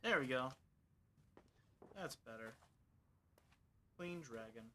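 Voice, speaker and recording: A man with a bright, forceful voice chats loosely while he plays a cleaning game on stream. He rambles, jokes and talks to himself between tasks, with faint noise behind him. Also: medium pitch, lively intonation, slow pace, poor audio. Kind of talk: casual gameplay commentary.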